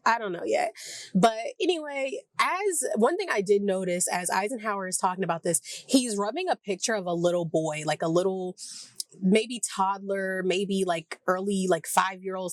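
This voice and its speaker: Here a woman with a medium-pitched voice and a Southern US accent reviews a TV episode on her vlog, recorded with no room sound. She drifts from point to point in a chatty tone, uses "like" a lot, and acts out lines from the show.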